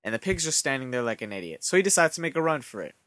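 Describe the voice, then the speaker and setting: A man hosting a podcast, telling a comic story in a deadpan way with rambling asides. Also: mid-range voice, rapid-fire, no echo. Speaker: podcast host.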